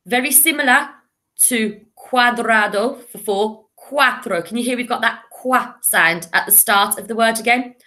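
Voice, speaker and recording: A woman teaching a remote lesson to young children, drilling words patiently with clear call-and-repeat. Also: fairly high pitch, measured pace, pushed and bright. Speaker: primary school teacher.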